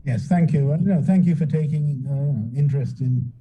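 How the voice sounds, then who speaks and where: A man with a British accent, a government director speaking as a guest on a radio talk show, halting and repeating words as he thinks. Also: on the high side, noisy background.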